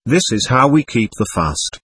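A timid young monk asks earnest, deferential questions, as a man reads him. His voice is husky and dry, and he plods carefully through a long list of rules. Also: medium pitch, big pitch swings, moderate pace, a bit bright, dry recording. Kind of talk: audiobook character reading.

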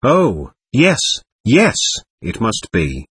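A man reading as a reckless, drunken young man who broods and bursts out. His husky voice rises and falls widely. The sound is dry and close. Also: mid-range voice, wildly swooping pitch, very slow, fairly bright tone, no echo, heavily acted. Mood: brooding. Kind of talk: audiobook narration.

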